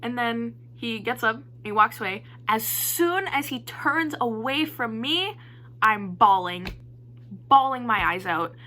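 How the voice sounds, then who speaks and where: A young woman vlogger telling a casual storytime in an animated, excitable way, poking fun at herself. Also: fairly high pitch, slow. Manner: animated, excitable storytelling with playful self-mockery.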